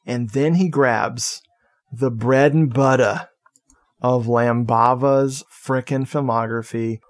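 A man co-hosting a podcast, recapping a horror film in casual chat, excitable and swearing freely. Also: medium pitch, slow. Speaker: podcast co-host.

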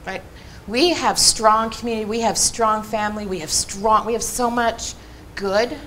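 A woman's voice: a little high, fairly even intonation, moderate pace, fairly bright tone, slight background noise. A woman presenting at a community workshop, speaking earnestly and emphatically to a live audience and often checking in with "right?". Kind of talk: impassioned public talk. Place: meeting room with a live audience. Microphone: microphone.

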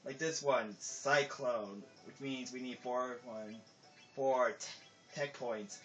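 This let's play commentator has a mid-range voice, a steady tone, and a slow pace as he rambles through casual gameplay commentary, full of filler words and often trailing off mid-sentence. Game music sits under a dull lo-fi recording.

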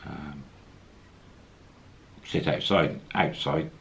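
A man's voice: rumbling low, extremely slow, creaky, fairly bright tone, slight background noise. A man casually telling a travel story, acting out the quoted lines as he goes. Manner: anecdotal, acts out quoted lines, chuckles.

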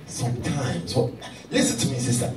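A man acting in an amateur church drama, excitable, dropping to a hush and then rising loud. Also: mid-range voice, normal speed, crowd noise. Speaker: churchgoer who lies on the phone. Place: church building, indoors. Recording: echoey, distant mic with clear background noise.

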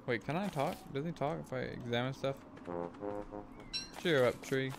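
A man casually talking through his gameplay as a streamer, rambling and thinking aloud, with sudden excited whoops. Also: medium pitch, normal speed, gravelly. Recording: game music playing under the voice. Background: game music.

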